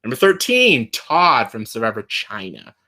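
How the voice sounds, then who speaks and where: Casual vlog guy, bright punchy voice, swears a lot, says like and uh constantly, real excited. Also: mid-range voice, measured pace. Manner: enthusiastic, blunt, swears freely, many fillers. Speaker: YouTuber ranking show winners.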